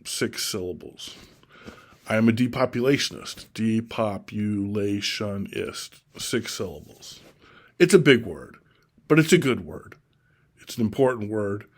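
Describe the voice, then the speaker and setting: A middle-aged man from Oregon giving a slow, deliberate, repetitive solo monologue about his political views. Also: on the low side, very animated, a little mellow, slightly rough. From Oregon, USA. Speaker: self-styled presidential candidate.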